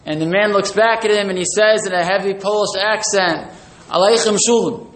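A man giving a moral talk at a university, telling a story slowly with long pauses. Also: high voice, steady tone, a bit bright. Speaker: speaker giving a mussar talk. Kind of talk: storytelling sermon. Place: room at a university. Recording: echoey room with faint hiss.

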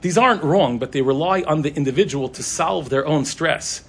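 Man, rabbi, husky and a little high, animated storytelling sermon. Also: moderate pace. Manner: animated storyteller acting out quoted voices.

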